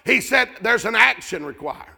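Man, preacher, revival sermon, fervent shouting cadence, gravelly, high-pitched. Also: animated, moderate pace.

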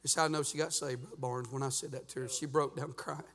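A man preaching a sermon as pastor in a church, folksy and fervent, peppering his talk with "uh" and rising to shouts. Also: mid-range voice, fairly even intonation, quick pace, big-room sound. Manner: folksy preaching with frequent "uh" fillers. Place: church sanctuary.

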